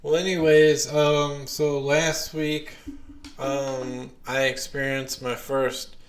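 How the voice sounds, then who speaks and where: Slow-talking male podcast host. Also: mid-range voice, little pitch movement. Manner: unhurried, lots of ums and restarts. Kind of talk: casual chat.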